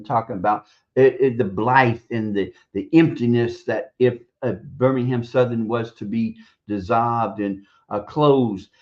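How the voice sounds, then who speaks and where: A man in a mid-range voice delivers blunt, scornful radio commentary, cursing freely and pausing often as he gathers his thoughts. The stream audio is dull and lo-fi. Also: mid-range voice, darkish tone. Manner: hesitant, halting delivery with drawn-out pauses. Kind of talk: opinion commentary.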